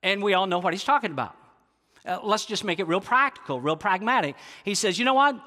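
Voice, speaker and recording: A man with a high, bright voice preaches to a congregation, earnest and confessional, checking in with the crowd as he goes. His voice rings out with a long reverb, as in a large church sanctuary. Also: lively intonation, brisk. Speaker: pastor. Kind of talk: sermon.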